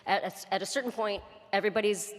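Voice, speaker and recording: A woman's voice: mid-range voice, fast. A woman voice actor on a convention panel, direct and emphatic, laying out her points one by one. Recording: long convention hall reverb.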